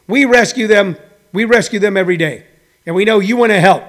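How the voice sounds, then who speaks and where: A man's voice: high-pitched, brisk, a bit bright. A middle-aged man hosting a show, delivering a rambling, mock-indignant comedy rant with self-mocking asides. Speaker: show host.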